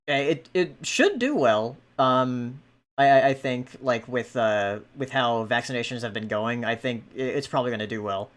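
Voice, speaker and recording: A man with a mid-pitched, ordinary voice leads a casual podcast chat. He talks hesitantly, filling pauses with ums and restarting his sentences. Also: expressive, a bit bright.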